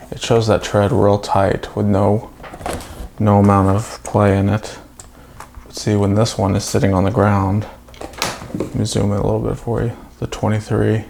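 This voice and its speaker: A man's voice: fairly low pitch, vocal fry, noisy background. A man casually talking through a toy build, chatty with self-mocking asides.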